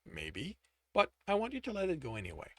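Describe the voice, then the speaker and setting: A calm, patient mentor, as a man reads him speaks softly and steadily, dropping below the narrating voice. The sound is close and dry. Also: a little high, brisk, no room sound.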